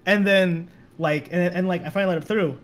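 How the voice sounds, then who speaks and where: A man's voice: high-pitched, steady tone, brisk. A young man telling stories in a casual podcast chat, rambling and repeating words as he goes. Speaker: guest.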